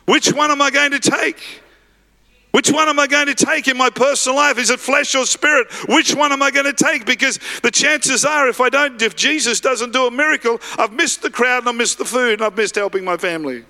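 A pastor acting out a desperate blind male beggar who pleads in excited bursts. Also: very high voice, brisk, hardly any pauses, full character voice. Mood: torn.

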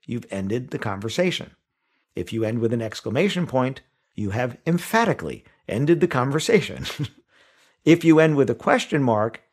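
A man at a mid-range pitch teaches wedding vendors how to reply to inquiries. He talks in a conversational way, walking through everyday examples and little asides as he explains each point. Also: breathy edge. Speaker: wedding sales trainer. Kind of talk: instructional talk.

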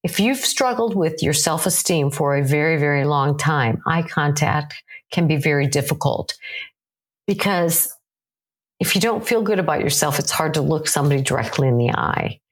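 A woman's voice: low voice, animated, moderate pace. A woman giving practical advice on communication in a direct, encouraging, conversational way. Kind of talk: advice talk to camera.

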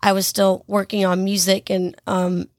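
A woman on a podcast telling her story in an emotional interview, halting and apologetic, close to tears. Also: mid-range voice, monotone, dry recording. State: on the verge of tears. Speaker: podcast guest. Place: podcast studio under lights.

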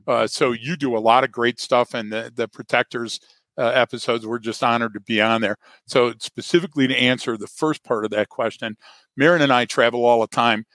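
A man chatting loosely on a podcast, his voice at an ordinary middle pitch. He rambles through a story with plenty of "uh"s and drops jokes at his own expense. The sound is dry and close, with no room around it. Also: fairly even intonation, a little fast, a bit bright, no room sound. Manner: rambling, self-deprecating jokes, many "uh" fillers. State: hearing loss. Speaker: podcast co-host, guest. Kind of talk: casual podcast conversation.

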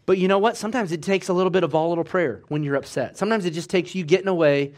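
In a very fast, high voice, a man preaches a sermon built around a story. He animates the quotes dramatically and moves back and forth between shouting and near-whispers.

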